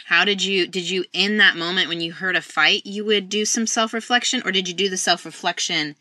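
A woman hosting a podcast interview, asking lively questions. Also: lowish voice, a little fast, no echo. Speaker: podcast host. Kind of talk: interview conversation.

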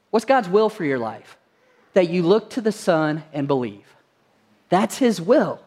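A man's voice: high-pitched, darkish tone, big-room sound. A male pastor preaching a sermon to his congregation in a church, telling stories earnestly and asking rhetorical questions. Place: church sanctuary.

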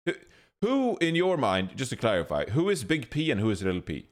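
Mock-serious man with a lively voice. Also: mid-range voice, moderate pace. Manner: mock-serious, teasing moderator. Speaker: podcast co-host. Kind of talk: casual panel chat.

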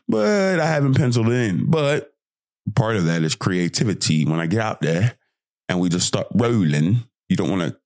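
Hoarse young man, solo podcast host, deep voice, dry close sound, swings between hyped yelling and quiet talk. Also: dry recording. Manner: excitable, swings from hyped shouting to quiet reflection. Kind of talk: casual solo podcast monologue.

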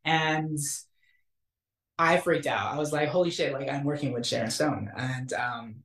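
A young man, an actor, telling a story in a casual interview, animated and acting out the quotes. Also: measured pace. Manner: animated, acts out quotes with big pitch jumps. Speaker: actor guest. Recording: roomy echo.

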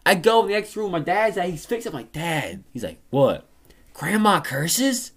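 A woman co-hosting a podcast, telling family stories in casual chat, animated and profane. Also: on the low side, normal speed. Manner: animated, profane, laughs often. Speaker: podcast co-host.

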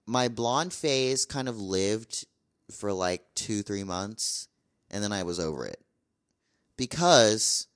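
Young man, low voice, blunt exasperated vlog rant, casual talk. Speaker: vlogger.

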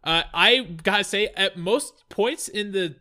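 Podcast guy, bright voice, chatty and animated, laughs a lot. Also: sits high, unhurried. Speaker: podcast co-host. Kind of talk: casual chat.

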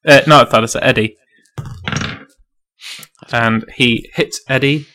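A man's voice: mid-range voice, measured pace, sharp tone. A man running a tabletop game as game master, loose and chatty with lots of fillers.

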